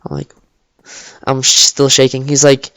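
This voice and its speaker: A teenage boy tells a story in a rambling, halting way, leaning on "like" and false starts. His voice is smooth and clear at a middle pitch. The sound is dry and close, recorded in his bedroom. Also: monotone, fairly bright tone, no echo. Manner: rambling, full of "like" and restarts. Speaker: vlogger. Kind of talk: casual storytelling. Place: cold bedroom.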